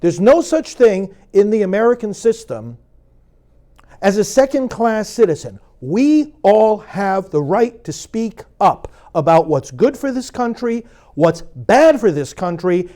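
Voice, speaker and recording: A middle-aged man, a priest hosting his own show, speaks straight to the viewer with a sarcastic, preachy edge that climbs into fervent emphasis. His pitch sits fairly high and swings widely, and his tone stays mellow rather than bright. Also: sing-song, unhurried. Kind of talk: direct-to-camera commentary.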